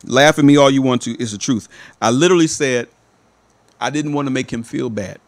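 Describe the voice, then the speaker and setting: Emphatic male storyteller, motivational talk, mid pitch, insists on the truth. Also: brisk. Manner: emphatic, repeats assurances of truth. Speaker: motivational speaker.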